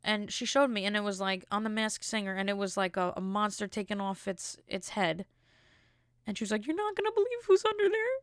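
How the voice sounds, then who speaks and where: A woman's voice: medium pitch, level tone, fairly quick, fairly bright tone, clean tone, no room sound, studio quality. Exasperated rambling woman podcast host. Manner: rambling, exasperated comic rant with many fillers. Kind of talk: casual comedic chat.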